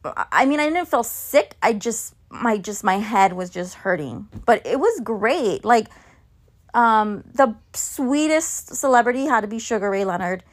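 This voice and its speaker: A woman's voice: a little high, lively intonation, a little slow. A woman telling a candid, chatty story in a casual vlog, swearing freely. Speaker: vlogger and mom.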